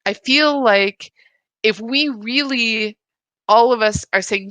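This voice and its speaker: A woman hosts a live spiritual practice and speaks in a confessional, searching way. Her delivery is unhurried and her voice has a bright, clear edge. The recording is dry and close, with no room sound. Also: on the high side, no room sound. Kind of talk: live reflective spiritual talk.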